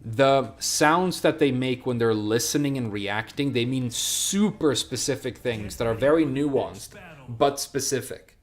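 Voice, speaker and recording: A man's voice: medium pitch, unhurried, faint music behind. A man from Sweden, chatting casually as a game streamer, rambling from one thought to the next and answering his chat.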